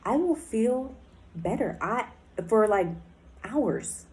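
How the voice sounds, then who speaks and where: A woman's voice: fairly high pitch, animated, slow pace, a little mellow, low-quality recording. A woman in a recovery program speaking in a candid personal diary talk, blunt and emotional, swearing often and filling her speech with "like" and "um".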